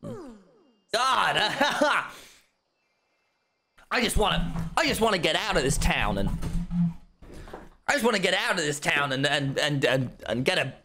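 A man putting on a loud, cheesy American accent as a brash streamer persona while playing a game. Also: high-pitched, a little hiss or hum, voice pushed up, exaggerated voice. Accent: put-on American. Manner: loud, cheesy, over-the-top enthusiasm.

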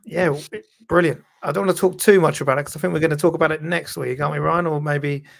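A man chatting as a podcast panelist in a relaxed, rambling way, laughing easily. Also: fairly high pitch, quick pace, vocal fry. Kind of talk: casual live-stream chat.

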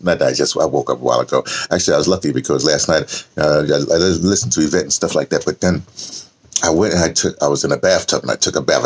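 An older man chats casually to his viewers from home. His voice sits very low and sounds husky. He rambles, circling back with fillers and restarts. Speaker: vlogger. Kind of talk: casual morning vlog. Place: home, indoors.

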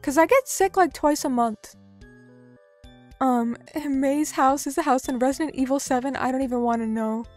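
High-voiced young woman streaming casually. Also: normal speed, a little mellow, faint music behind. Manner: playful, reads chat aloud, self-mocking. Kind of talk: casual live-stream chat.

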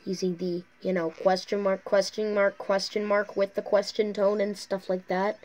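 A woman's voice: mid-range voice, level tone, moderate pace, a little mellow. A talkative woman giving rambling, chatty commentary while playing a mobile racing game, recorded on her phone's microphone. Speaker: mobile gaming YouTuber. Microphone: phone mic through a screen recorder.

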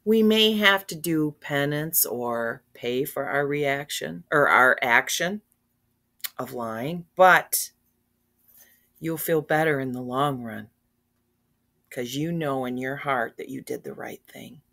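An older woman reading a children's storybook aloud, then gently and earnestly speaking to young listeners and asking them questions. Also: rumbling low, slow pace.

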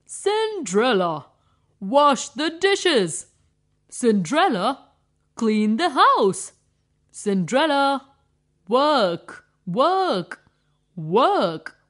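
A woman's voice: high voice, sing-song, very slow, long pauses, fairly bright tone, heavily acted. A woman doing a bossy stepmother. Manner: commanding, clipped orders. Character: bossy stern stepmother, middle-aged woman.

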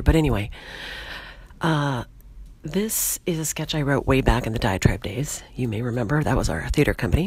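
A hoarse woman hosting a podcast, rambling casually with lots of fillers as she sets up an old comedy sketch. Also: extremely low pitch. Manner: rambling, with many fillers and restarts. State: hoarse, voice mostly lost. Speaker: podcast host.

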